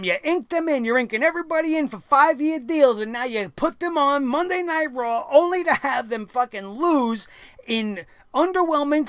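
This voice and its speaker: A man's voice: very high voice, a bit bright, dry recording, studio quality. A man hosting a wrestling review show, ranting bluntly and sarcastically with plenty of swearing.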